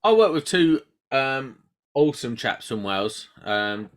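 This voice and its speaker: A man's voice: mid-range voice, sing-song, a little slow. A man hosting a trade podcast in chatty, joking banter. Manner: chatty, banter-filled, rambling with restarts. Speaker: podcast host. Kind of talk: casual podcast chat.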